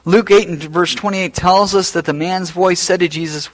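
A man preaching a sermon as pastor, rising to loud emphatic peaks and then dropping low and quiet. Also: fairly even intonation, normal speed, poor audio.

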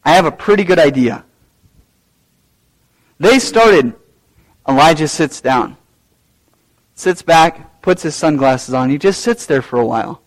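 A male pastor preaching a sermon, swinging between loud, raised lines and low, quiet asides. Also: animated, measured pace, pauses often, rough recording.

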